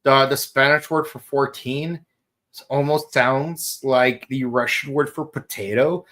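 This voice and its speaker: A man co-hosting a podcast, chatting casually and getting excited on rambling trivia tangents. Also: medium pitch, measured pace. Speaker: podcast co-host. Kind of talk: casual chat.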